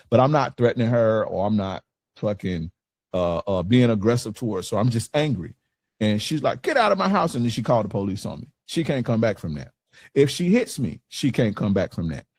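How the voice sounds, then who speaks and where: A man's voice: on the low side, a little mellow, no echo. Blunt, profane man coaching on dating. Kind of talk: casual coaching talk to a group.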